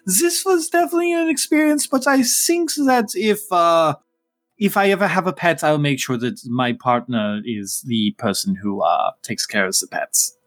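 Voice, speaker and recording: A man's voice: fairly high pitch, normal speed, soft background music, natural voice. A man voicing a flustered, formal fae law student roommate, a young woman, speaking stiffly and over-politely. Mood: prim, formal.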